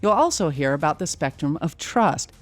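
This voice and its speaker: A woman hosting a podcast, asking measured questions and reading a scripted outro. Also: deep voice, animated, no echo, soft background music. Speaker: podcast host.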